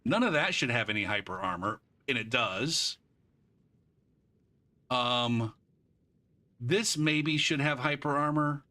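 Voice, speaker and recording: A man's voice: mid-range voice, expressive, slow pace, pauses often, pushed and bright. A man streaming a game live, ranting about it in a frustrated, profane way and drifting into rambling asides. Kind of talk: live gameplay commentary.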